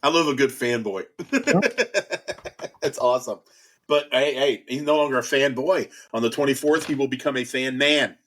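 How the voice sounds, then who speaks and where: A man's voice: mid-range voice, lively intonation, moderate pace, fairly bright tone. A man hosting a podcast in casual chat, joking, laughing often and repeating words as he goes. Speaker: podcast host. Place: home garage bar.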